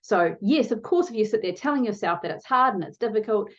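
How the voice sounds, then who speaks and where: Brisk and expressive, a woman with a mid-range voice coaches her audience through a motivational video lesson, addressing them directly. She changes speed for emphasis, and the sound quality is lo-fi.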